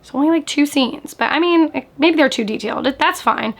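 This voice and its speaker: Woman chatting about books on her channel, kinda high voice, lots of "like"s, lively. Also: normal speed, vocal fry. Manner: chatty, animated, frequent "like" fillers. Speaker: book vlogger. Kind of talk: casual reaction chat.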